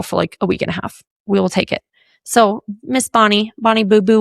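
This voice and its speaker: A woman's voice: mid-range voice, no room sound, studio quality. A woman in her forties hosting a podcast, talking in a chatty, rambling way full of "like" and "right?". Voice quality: gravelly. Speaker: podcast host. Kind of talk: casual solo podcast chat.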